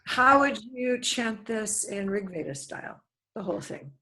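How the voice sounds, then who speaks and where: A woman's voice: mid-range voice, moderate pace, bright, forceful tone. A woman hosting an online class, reacting with interest and asking follow-up questions.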